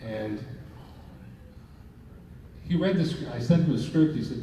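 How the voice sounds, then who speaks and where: An older Canadian film director rambles through anecdotes on a convention panel, chuckling along the way, in an expressive, dark-toned mid-range voice that is unhurried with long pauses. A phone camera in the audience captured it from a distance in a large indoor convention hall, so the sound is echoey, dull, and faintly hissy.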